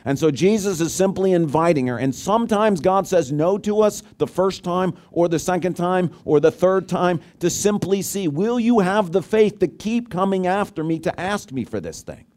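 This man is a pastor giving a sermon in a conversational tone, quizzing the congregation and veering between loud stresses and soft, low asides. He sounds animated, keeps a moderate pace, and rarely pauses.

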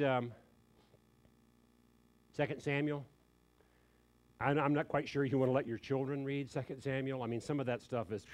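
A man preaching a sermon, emphatic and animated, dropping in quick joking asides. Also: medium pitch.

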